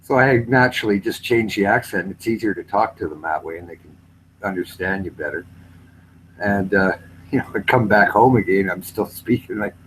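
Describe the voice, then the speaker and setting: A man's voice: lowish voice, moderate pace, a little hiss or hum, poor audio. A man from Canada in a casual voice chat, telling stories with a laugh and slipping into other accents. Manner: animated, puts on British accents while retelling, laughs often.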